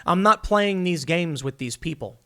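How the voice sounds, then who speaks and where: A man hosting an opinion commentary show, talking in an animated, sarcastic way and mocking opponents in put-on voices. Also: on the high side, moderate pace. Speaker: political commentary host.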